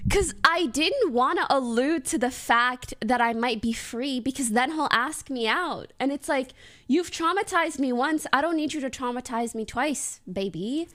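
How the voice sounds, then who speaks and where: A young woman streamer telling a story in casual chat to her viewers, giggling often and talking in an animated way. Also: sits high.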